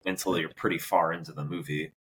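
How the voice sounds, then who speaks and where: A man co-hosting a podcast chats casually about a movie, rambling, saying "like" constantly and laughing often. His low voice is steady, quick and fairly bright, with slight background noise.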